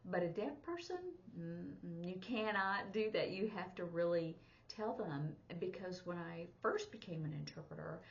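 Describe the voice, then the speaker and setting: A woman with a lowish voice talks through a casual lesson as a sign language teacher and interpreter. She is chatty and acts out little snatches of dialogue. The recording sounds dull and lo-fi. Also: lively intonation, measured pace, vocal fry, hardly any pauses.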